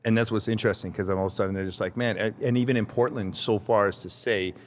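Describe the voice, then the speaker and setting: Deep-voiced man, chatty and rambling. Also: fairly even intonation, quick pace, big-room sound, slight background noise. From Canada. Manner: rambling, restarts sentences, mimics accents when quoting people. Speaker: podcast guest, artist. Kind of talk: casual chat.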